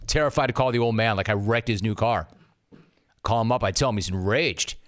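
A middle-aged man hosting a sports radio show, ranting loudly, telling stories and interviewing a guest. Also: on the low side, brisk. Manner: loud, ranting, storytelling with acted quotes.

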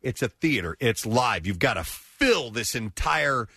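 A man co-hosting a morning radio show in casual, animated banter. His voice sits at an ordinary mid pitch and is recorded close and dry, with no room sound. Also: breathy edge, no echo. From Saint Louis area. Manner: chatty, animated, quick to laugh.

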